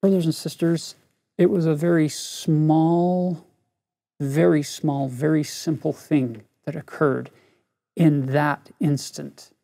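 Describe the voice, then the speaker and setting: Man, middle-aged, gravelly voice, mellow tone, earnest scripture teacher. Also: a little high. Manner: earnest storytelling, addresses listeners directly. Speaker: religion teacher. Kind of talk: scripture lesson with personal story.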